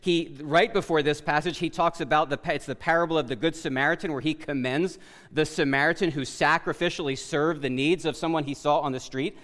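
A man preaching a sermon as pastor, loud and emphatic, often correcting himself mid-sentence. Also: on the high side, fairly even intonation, brisk. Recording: long reverb of a large hall.

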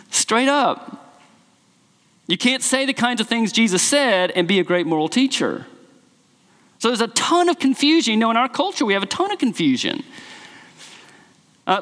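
A man's voice: sits high, a bit bright. A man preaching a sermon, emphatic and repeating key phrases for stress, in a church sanctuary. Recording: long reverb of a large hall.

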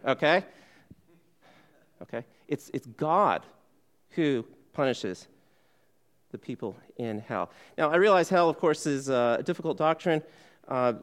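A male pastor giving a sermon in a conversational way, posing questions to the congregation and answering them himself, with frequent "okay"s. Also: mid-range voice. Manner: frequent "okay" fillers and restarts.

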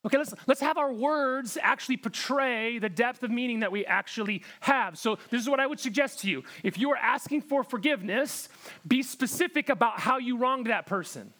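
A man's voice: very high voice, a little fast, sharp tone. A man preaching a sermon in an earnest, direct way, often repeating words for emphasis. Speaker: pastor.

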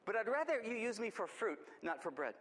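A solid carved wooden bowl as a man acts it out offers itself with conditions, fussy and choosy. Its voice sits a little high. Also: sing-song, fairly quick, a bit bright, husky, exaggerated voice. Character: stiff wooden bowl, fussy about its use.

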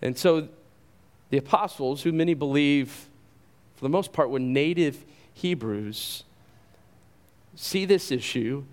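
A male pastor delivering a sermon with emphatic, rhetorical delivery. His voice sits a little higher than most men's, and he often repeats a word as he drives a point home. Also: slow, pauses often. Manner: emphatic, rhetorical questions, repeats words when stressing.

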